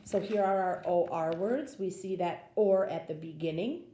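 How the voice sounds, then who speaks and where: A woman's voice: fairly low pitch, moderate pace, roomy sound, noisy background. A woman teaching a phonics lesson, patiently sounding out words for young learners.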